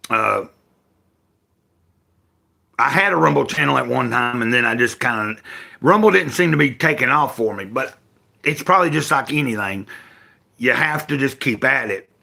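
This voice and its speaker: An older Tennessee man with a Southern accent chats casually from home with his livestream viewers, rambling, correcting himself, and talking in a folksy way. His medium-pitched voice is animated and pushed bright, with vocal fry, normal pacing, and frequent pauses.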